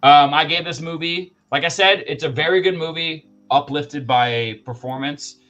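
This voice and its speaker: A man co-hosting a live podcast reviews a movie with casual enthusiasm, rambling through plenty of fillers and restarts. His voice is a little high and fairly bright, at normal speed, with lo-fi sound.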